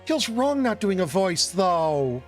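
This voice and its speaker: High-voiced, self-mocking male streamer. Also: very animated, slow, soft background music. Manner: chatty and self-mocking, swears. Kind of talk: reading a game aloud with live commentary.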